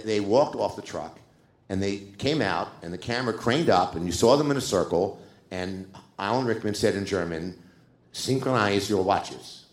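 An older man, a screenwriter, telling lively behind-the-scenes anecdotes on a theater stage and acting out the quotes. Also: sits low. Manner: animated storyteller, acts out quotes. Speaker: screenwriter guest. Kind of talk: live stage interview anecdote. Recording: roomy live theater sound.

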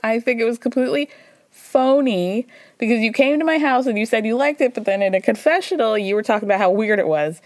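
Chatty woman host retelling TV drama, a little high, recorded dry and close. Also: fast talker, a little mellow, dry recording. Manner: gossipy storytelling, acting out quotes with laughs. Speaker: podcast host. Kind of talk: casual reality TV recap.

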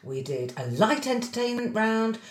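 A woman's voice: fairly high pitch, very animated, moderate pace, roomy sound. A woman with a self-deprecating, rambling way of telling stories in casual chat.

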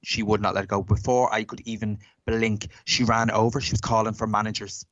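A man chatting casually, telling a story in an animated way and acting out what people said. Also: on the low side, a little fast, dry recording, muffled recording. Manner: animated, acts out quotes.

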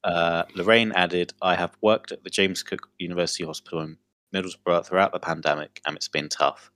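A man's voice: low voice, fairly even intonation, a little fast. A young man co-hosting a podcast, reading a funny news story aloud in casual chat and often breaking into laughter. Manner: giggly, breaks into loud laughter while reading. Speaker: podcast co-host.

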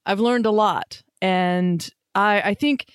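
A woman's voice: mid-range voice, takes it slowly, clear, resonant tone, dry recording, studio quality. A woman hosting an interview, earnest and enthusiastic, with frequent fillers and restarts. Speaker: podcast host.

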